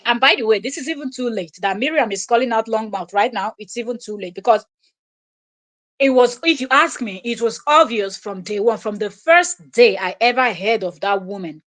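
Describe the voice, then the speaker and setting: A woman's voice: fairly high pitch, moderate pace. A woman hosting a live stream, commenting scornfully on clips she plays from another creator. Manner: scornful, laughs loudly and mocks. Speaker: live stream host reacting to videos. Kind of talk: commentary on a played video.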